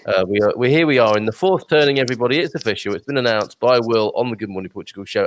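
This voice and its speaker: Lively, chatty male live-show host. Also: medium pitch, fast, few pauses, no room sound. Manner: upbeat, chatty, many fillers and restarts. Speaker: talk show host reading viewer comments. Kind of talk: casual live-stream chat.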